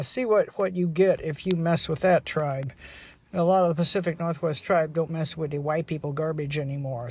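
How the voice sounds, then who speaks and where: A woman hosting her own podcast, talking in a rambling, chatty way with blunt, outspoken asides. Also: on the low side. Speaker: podcast host. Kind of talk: casual solo podcast monologue.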